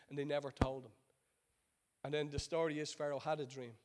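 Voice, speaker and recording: A man's voice: on the high side, steady tone, a little fast. A man preaching a sermon as pastor, building his points with rhetorical questions and repetition, and acting out the voices of the people in his story. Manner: acts out quoted voices of biblical figures.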